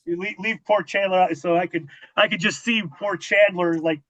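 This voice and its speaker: A man's voice: high voice, normal speed. A man hosting a wrestling interview, telling backstage stories casually, with profanity and acted-out dialogue. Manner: profane, animated storytelling with quoted dialogue. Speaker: podcast host and former wrestling manager. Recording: dull lo-fi audio.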